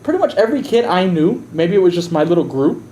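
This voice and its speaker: A man's voice: sits high, sing-song, fast, warm tone, slight background noise. A man ranting profanely and heatedly during a casual livestream, often slipping into mocking voices. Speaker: live streamer.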